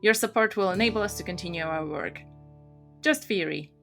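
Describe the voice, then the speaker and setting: A woman's voice: on the low side, fairly quick, gravelly, fairly bright tone. A woman co-host reading the closing sign-off of a podcast. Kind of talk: scripted podcast outro. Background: faint guitar music.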